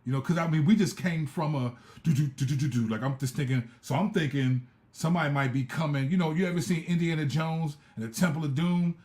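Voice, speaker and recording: A middle-aged man, a preacher and live-stream host, telling a testimony story in a casual, animated way with slang and asides. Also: a little high, fairly quick, hardly any pauses.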